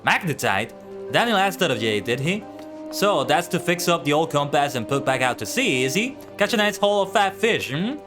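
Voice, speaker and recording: Here is a worn-out old fisherman from a fantasy game, grumbling along in a rough, clipped dialect with dropped grammar, as a man reads the part aloud. The voice sits in a middling pitch, and the talk stays gruff and put-upon throughout. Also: animated, fairly quick, music in the background, lightly acted. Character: weary broken-down old male fisherman. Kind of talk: reading game dialogue aloud in a put-on accent.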